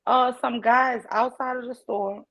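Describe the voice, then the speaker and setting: A woman's voice: on the high side, measured pace, vocal fry. Woman telling a story. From New Orleans. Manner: animated, addresses listeners as y'all, acts out voices in her story. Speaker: participant sharing a personal story. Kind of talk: casual storytelling in a group call. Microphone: online call device. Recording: dull lo-fi call audio.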